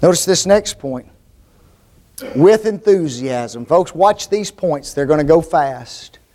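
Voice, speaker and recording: A man with a high voice preaches a sermon. He drives his points home with emphatic repetition and keeps asking his listeners short tag questions. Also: animated, slow, warm tone.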